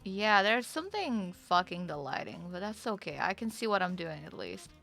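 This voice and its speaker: Excitable woman game streamer, bright voice. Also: lowish voice, moderate pace, creaky, soft background music. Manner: excitable, swearing, reading chat aloud. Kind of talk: casual livestream chat.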